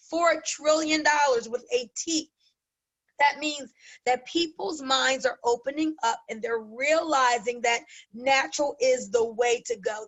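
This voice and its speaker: High-pitched female webinar host, energetic and persuasive, pitching products to guests. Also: poor audio. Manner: emphatic, persuasive, addresses listeners as guys. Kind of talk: enthusiastic sales pitch.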